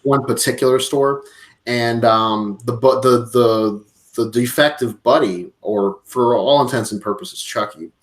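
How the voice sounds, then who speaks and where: A man co-hosting a podcast, retelling a film in a casual, profane way, acting out lines and laughing often. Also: medium pitch. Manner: animated, profane storytelling with acted-out quotes and laughs. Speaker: podcast co-host. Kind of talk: casual movie review chat.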